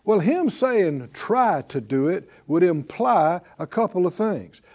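Preaching slowly in a high, sing-song voice with a darkish tone, a pastor builds emphasis and draws responses from his congregation. His call-and-response delivery is emphatic and rises in force.

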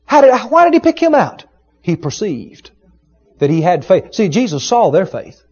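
A man preaching a sermon, retelling a story with emphatic, dramatic rising shouts. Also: sits high. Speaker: pastor. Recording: dull lo-fi sermon recording.

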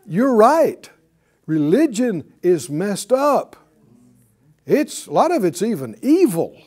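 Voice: mid-range voice, sing-song, takes it slowly, a little mellow. A Bible teacher giving a broadcast lesson in a conversational way, often asking the audience rhetorical questions and chuckling while telling the story.

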